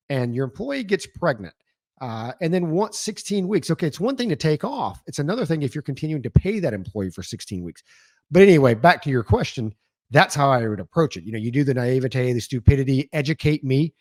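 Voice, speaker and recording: A man's voice: a little high, no echo. A man co-hosting a podcast, telling stories animatedly and acting out what people said. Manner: animated storyteller who acts out voices. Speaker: podcast co-host. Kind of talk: casual podcast conversation.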